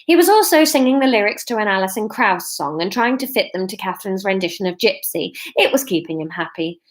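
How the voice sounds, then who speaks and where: A woman in her thirties live-streaming a reading of her own novel from her living room, self-mocking and quick to laugh at herself. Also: medium pitch, animated.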